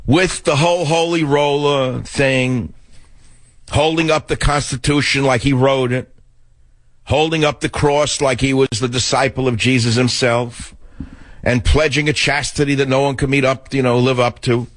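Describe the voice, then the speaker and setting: A man's voice: mid-range voice, flat delivery, moderate pace, fairly bright tone, dry recording. An older man from the Bronx, rambling and sarcastic in a talk radio monologue. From the Bronx, New York.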